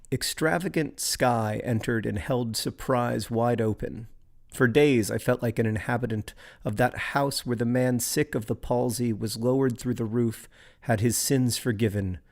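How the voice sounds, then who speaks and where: A man co-hosting a podcast, reading poems in a slow, measured way and chatting in quick asides with plenty of fillers. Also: medium pitch, a little mellow. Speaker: podcast co-host. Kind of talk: reading poems aloud and casual chat.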